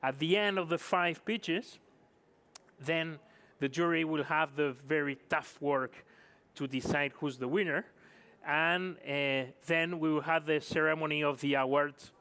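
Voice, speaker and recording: Man, event host, slightly high voice, chatty, apologetic, conference stage mic. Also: unhurried, a bit bright. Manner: chatty, apologetic, non-native phrasing. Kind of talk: live event hosting.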